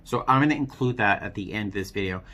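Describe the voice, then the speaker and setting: A man talking earnestly and self-critically in a personal vlog, speaking softly. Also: on the low side, fast. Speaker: vlogger.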